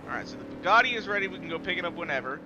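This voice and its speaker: Excitable man streaming a race. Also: high-pitched, very fast, highs cut off, over music. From United States. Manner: excitable, profane trash talk at rivals. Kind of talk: live gameplay commentary. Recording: loud game engine noise underneath. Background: racing game car engines.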